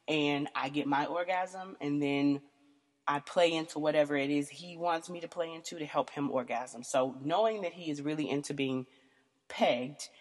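A woman's voice: sits low, moderate pace, in a large hall. A woman hosting a candid talk show, telling a story in a blunt, profane, casual way and leaning on "you know" as a filler. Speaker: podcast host.

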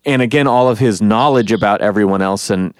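A man in casual podcast chat about a comic, his voice smooth and resonant. He sounds close to the mic in a dry room, animated as he lays out each beat. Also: fairly low pitch, fairly quick, dry recording. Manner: animated storyteller, acts out quotes. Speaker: podcast co-host. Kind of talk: casual comic book discussion.

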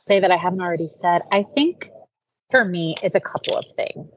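A woman speaks as a podcast guest in a low-pitched voice, earnest and casual, with constant "like"s as she gathers her thoughts. The recording sounds a little dull, with faint noise underneath. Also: normal speed. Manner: earnest, heavy use of "like". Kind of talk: casual interview chat.

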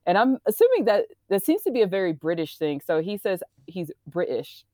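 A woman co-hosting a casual chat show, animated and teasing in an incredulous way. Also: medium pitch, fairly quick, dry recording, clean studio sound. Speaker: co-host.

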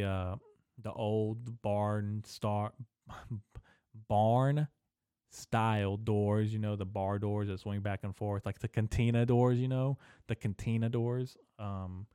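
A young man with a low voice rambles through a solo podcast rant, peppering every sentence with swearing and casual slang. He talks straight into a studio mic on a stand, and the sound is close and dry. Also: darkish tone, smooth, no echo. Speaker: podcast host. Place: small echoey room in an old building.

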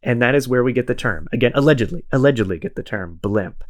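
A man's voice: medium pitch, expressive, fast. Brief: male podcast host, mid-range voice, loose and rambling, chuckles a lot. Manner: rambling, self-deprecating, laughs often. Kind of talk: casual chat.

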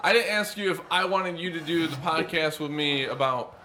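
A man's voice: a little high, steady tone, moderate pace, sharp tone. A man co-hosting a comedy podcast, flustered and stammering, repeating words as he questions the other speaker. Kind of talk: improvised comedy podcast bit.

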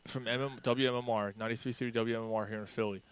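A man's voice: mid-range voice, fairly even intonation, fast talker, clean tone. Profane rambling man in casual chat. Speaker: podcast co-host.

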